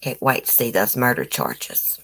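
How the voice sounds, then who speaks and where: A woman's voice: a bass voice, very animated, a little slow, vocal fry, fairly bright tone. A woman hosting a casual livestream, reading news aloud and giving blunt, opinionated commentary to her viewers while nursing a toothache. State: toothache, swollen face. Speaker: livestream host.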